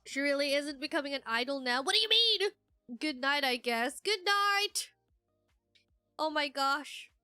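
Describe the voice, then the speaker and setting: Giggly, rambling woman streamer with a bright voice, quiet music underneath. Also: high voice, lively intonation, normal speed, no room sound, studio quality. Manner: giggly, rambling with many fillers. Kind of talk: casual livestream chat, reading chat aloud.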